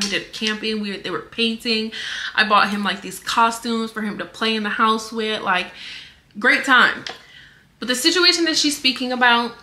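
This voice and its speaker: Bright-voiced young woman speaking earnestly. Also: mid-range voice, slight background noise. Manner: earnest and defensive, many fillers. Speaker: vlogger answering rumors. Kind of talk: casual personal statement to camera.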